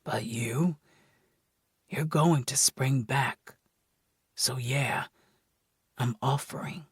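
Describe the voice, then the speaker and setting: A man plays an earnest young man who keeps his guard up, and he talks in a breathy, husky near-whisper. His pace is slow and deliberate, his voice sits in a middle register, and the audiobook recording is dry and close. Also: no echo. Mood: earnest, intimate. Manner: low, intimate and deliberate. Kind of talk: audiobook dialogue.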